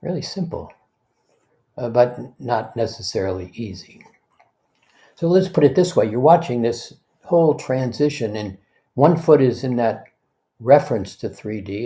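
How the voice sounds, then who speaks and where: Male spiritual teacher, mellow mid voice, gentle guided-meditation delivery, loose and conversational. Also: medium pitch. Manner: gentle, unhurried, leads listeners through breaths.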